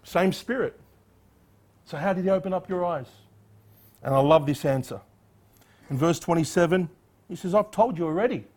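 Emphatic preacher man, higher voice. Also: moderate pace, long pauses, darkish tone. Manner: emphatic, acts out quoted voices. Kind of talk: expository sermon.

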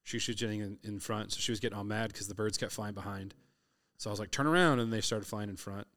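A man's voice: fairly low pitch, quick pace. A middle-aged man from Southern California, a hunter, telling stories in casual conversation and acting out the quotes. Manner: lively storyteller who acts out quotes.

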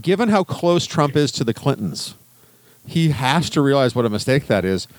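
A man's voice: mid-range voice, big pitch swings, normal speed, no echo. Argumentative male co-host, dry sound. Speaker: podcast co-host. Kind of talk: casual chat.

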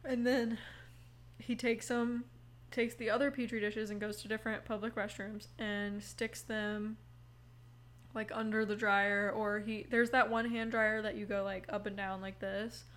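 A woman's voice: medium pitch, flat delivery, measured pace, fairly bright tone. A woman in her twenties hosting a casual podcast, rambling with lots of fillers, yawning now and then and swearing casually. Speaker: podcast host. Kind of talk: casual chat. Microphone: headphones on, recording mic.

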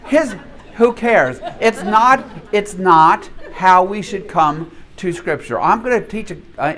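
Man in his seventies, Bible study teacher, church class teaching, lively swooping pitch, animated chatty delivery. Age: 70s. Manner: animated, chatty, quick to laugh.

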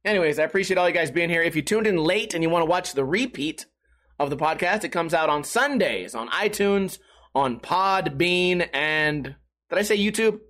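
A man's voice: on the high side, animated, moderate pace, fairly bright tone. A young man hosting a live-streamed solo podcast, telling rambling, profane, self-mocking stories in a casual way.

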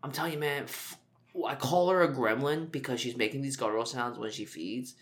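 A man in a podcast chat, talking at an ordinary middle pitch and rambling through a story with frequent fillers. His delivery is loose and joking, with a casual co-host manner. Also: a little fast.

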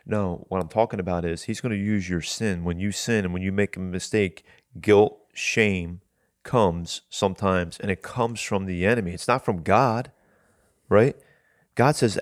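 Brief: lower-voiced male host, earnest conversational preaching, dry close sound. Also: a little slow, no room sound. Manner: earnest, repeats words when starting a thought. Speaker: Christian talk show host.

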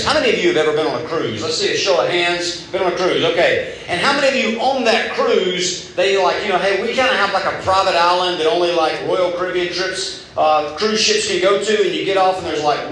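Man, casual animated sermon, far from the mic, faint room noise. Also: on the high side. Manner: casual, animated preaching with paraphrased dialogue. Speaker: youth pastor. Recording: echoey hall from far off.

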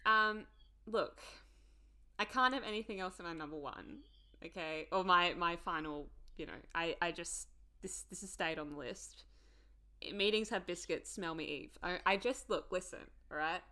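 A woman co-hosting a podcast in casual chat, gushing and excitable, laughing often. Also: lowish voice, moderate pace. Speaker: podcast co-host.

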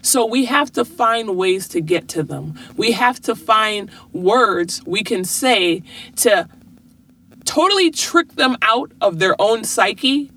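A woman's voice: mid-range voice, lively intonation, takes it slowly, bright, forceful tone. A woman speaking as a parent, earnestly giving motivational advice to viewers and using rhetorical questions.

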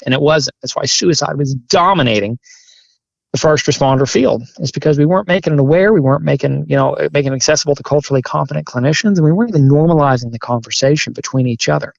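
A man who is a firefighter and chaplain, telling his story candidly in an interview, earnest and halting, growing emphatic. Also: mid-range voice, gravelly, dry recording, muffled recording. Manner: earnest, halting restarts, grows forceful and emphatic.

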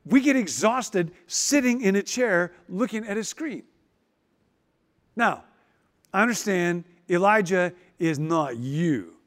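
Male pastor, higher voice, sermon, wry and emphatic, long reverb. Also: expressive. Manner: dramatic pauses, emphatic and wry.

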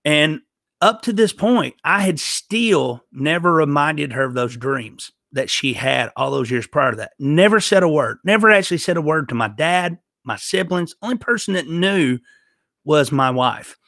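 A man's voice: on the high side, animated, moderate pace, a bit bright, no room sound, clean studio sound. A man sharing a personal faith testimony in an earnest storytelling way, often restarting his sentences. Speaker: guest.

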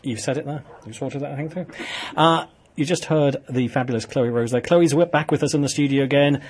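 A man hosting a radio programme, chatty and excitable, often breaking off mid-sentence. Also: mid-range voice, a little fast, a little hiss or hum. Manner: chatty, excitable, self-interrupting. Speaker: radio host. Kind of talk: casual radio chat.

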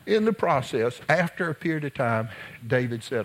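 A man preaches in a folksy, conversational way, weaving scripture into stories from his childhood. His voice sits in an ordinary middle pitch, and he sometimes drops to a hush while telling a tale. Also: sing-song, normal speed. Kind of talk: sermon with personal storytelling.

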